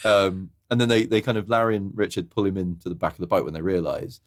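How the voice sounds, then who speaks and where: Guy with a lowish voice chatting about old movies, casual podcast co-host. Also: fairly even intonation, fast talker. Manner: recounts scenes with exaggerated character impressions. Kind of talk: casual film review chat.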